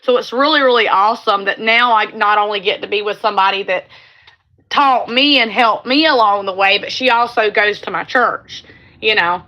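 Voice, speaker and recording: A woman's voice: mid-range voice, normal speed, pushed and bright, dull audio. A middle-aged woman from California hosting a casual livestream chat, talking in a heartfelt, rambling way and repeating her phrases. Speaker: livestream host.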